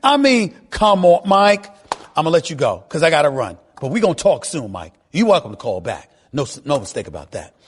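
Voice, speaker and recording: A man hosting a sports talk radio show and taking calls, emphatic and given to repeating himself, his voice shooting up when excited. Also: mid-range voice, fast, few pauses, breathy edge.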